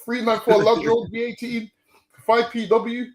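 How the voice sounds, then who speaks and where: A man's voice: very high-pitched, level tone, measured pace, reverberant. A man preaching on the street in casual, emphatic talk, leaning on "listen, man".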